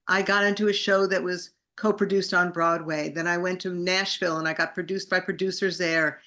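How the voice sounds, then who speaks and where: Effusive, lower-voiced woman interview guest. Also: a bit bright. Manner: enthusiastic, effusive and grateful. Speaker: guest, singer and actress. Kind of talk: conversational interview storytelling.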